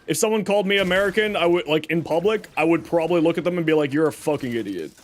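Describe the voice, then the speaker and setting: A man's voice: sits high, steady tone, very fast. A Canadian man streaming and reading chat, talking casually and rambling through stories and corrections. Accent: Canadian English. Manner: rambling, chatty, self-correcting storyteller.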